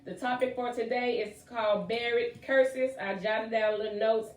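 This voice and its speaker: A woman hosting a casual talk show, chatty and excitable with lots of fillers. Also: on the high side, normal speed, distant mic. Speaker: podcast host. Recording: echoey room, voice off-mic.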